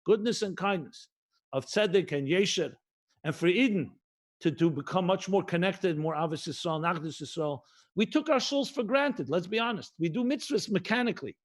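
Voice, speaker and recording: A rabbi with a high voice preaches in a steady, emphatic cadence. He is middle-aged, from the United States, and mixes Hebrew and Yiddish terms into his English. He drags out key phrases and repeats them for weight. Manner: slows and stretches key phrases. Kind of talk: livestreamed sermon.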